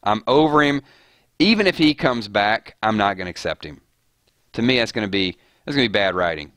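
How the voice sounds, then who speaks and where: A man's voice: fairly low pitch, lively intonation, fairly quick, a bit bright, no echo. A man hosting a casual live stream about a TV series, talking in a rambling way with frequent restarts and filler words.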